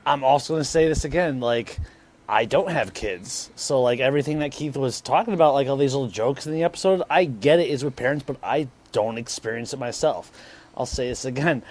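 A man on a casual podcast, giving his opinion haltingly and restarting as he searches for words. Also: medium pitch, darkish tone. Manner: hesitant, rambling, searching for words. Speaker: podcast co-host.

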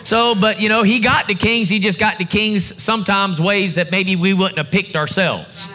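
A man's voice: sits high, steady tone, normal speed, bright, forceful tone, soft background music. A male pastor preaching a sermon to his congregation in a church service, building his emphasis in a call-and-response way.

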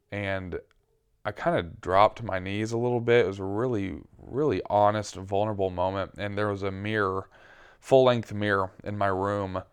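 A man speaking from the pulpit, telling his own story with candid, reflective pauses and frequent fillers. His voice sits a little low and sounds smooth and clear, and he takes his time. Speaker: preacher. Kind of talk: personal testimony sermon.

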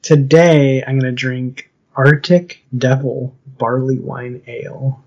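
A man of middle pitch co-hosting a podcast, chatting easily with a friend and laughing along. The audio is a little dull and lo-fi. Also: steady tone, slow, a little mellow. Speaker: podcast co-host. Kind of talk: casual chat.

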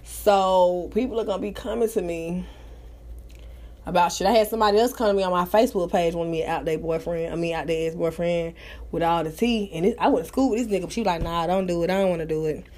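A woman hosting her own live talk show, chatting casually in an animated, profane, gossipy way. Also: fairly low pitch, quick pace. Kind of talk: casual chat.

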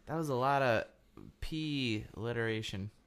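A man's voice: medium pitch, moderate pace, a bit bright, clear, resonant tone. Man, podcast co-host, casual chat, jokey, laughs easily.

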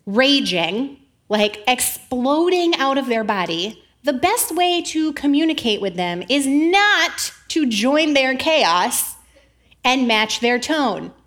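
A woman in her thirties giving a sermon-style talk, animated and laughing often, jittery from caffeine. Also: high-pitched, slow pace. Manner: animated, laughs often, acts out quoted voices; jittery, says she is over-caffeinated. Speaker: speaker giving a faith talk.

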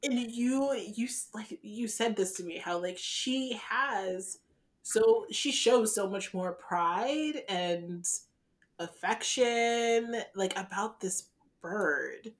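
A woman's voice: mid-range voice, expressive, takes it slowly. A woman co-hosting a podcast in casual chat, gushing and laughing often. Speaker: podcast co-host.

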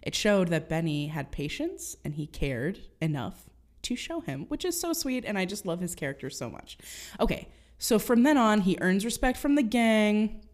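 A woman's voice: mid-range voice, sing-song, moderate pace, darkish tone. A young woman co-hosting a podcast in casual chat, retelling stories and acting out quotes in silly voices. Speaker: podcast co-host.

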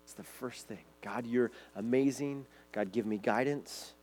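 A man of ordinary pitch preaches as pastor, earnest and steady as he reads scripture aloud. A faint electrical hum sits under the recording. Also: unhurried. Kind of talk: sermon.

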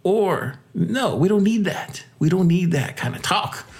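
A man hosting a casual crypto podcast, hyped and joking, laughing often and jumping into high exclamations. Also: animated, unhurried, darkish tone. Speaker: podcast host.

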